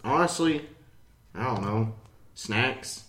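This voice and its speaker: A young man co-hosting a casual podcast, reading out listener questions with blunt, deadpan remarks and casual swearing. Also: lowish voice, moderate pace, creaky. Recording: roomy echo.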